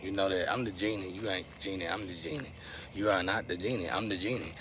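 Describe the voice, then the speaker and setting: Talking quickly in a low voice, this vlogger gives his viewers a rambling, slangy monologue with restless shifts in volume. Background noise is audible behind him.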